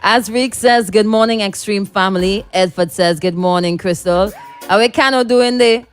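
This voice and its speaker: A woman's voice: medium pitch, moderate pace, faint music behind. A woman from the Caribbean hosting morning radio, chatting casually and reading listener comments aloud, laughing often. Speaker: radio host.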